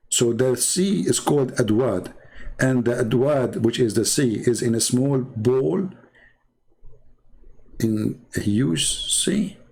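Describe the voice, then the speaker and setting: Gravelly, husky man mocking while drawing. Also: medium pitch, a little mellow. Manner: sarcastic, halting, many fillers and restarts. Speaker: commentator.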